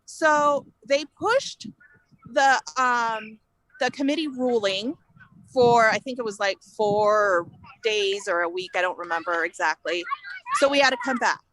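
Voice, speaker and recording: A woman from California, a guest telling her story in an animated, indignant way and acting out the exchanges she quotes. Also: fairly high pitch, a little slow, dry recording, poor audio. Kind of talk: casual interview storytelling.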